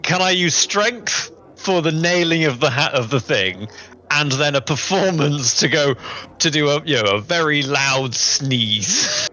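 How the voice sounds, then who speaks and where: Man, player, bright voice, very lively pitch, playful, laughing. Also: unhurried. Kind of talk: casual tabletop play.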